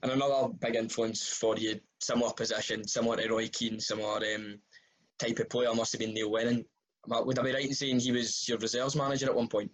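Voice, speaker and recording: Flat-voiced interviewer. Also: male voice, mid-range voice, quick pace, rough recording. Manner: brief prompts and long leading questions. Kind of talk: interview questions.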